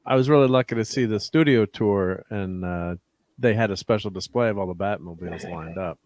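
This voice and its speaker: A man hosts a live stream in a casual, chatty way and keeps an eye on the chat. His voice sits fairly low, and it sounds dry and close to the mic. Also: brisk, darkish tone, no echo.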